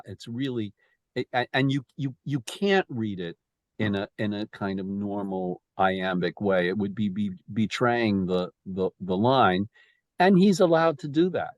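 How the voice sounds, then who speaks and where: Slow stammery guy running a poetry group on a video call, dry close sound, beats out the rhythm. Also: fairly low pitch, lively intonation, no echo. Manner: stammering restarts, emphatic, taps out rhythms aloud. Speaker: discussion leader of a poetry group. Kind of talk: animated poetry discussion.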